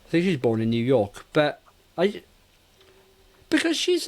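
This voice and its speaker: A man co-hosting a casual movie review podcast, talking in an animated, rambling way and often interrupting himself. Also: mid-range voice, normal speed, pauses often. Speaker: podcast co-host.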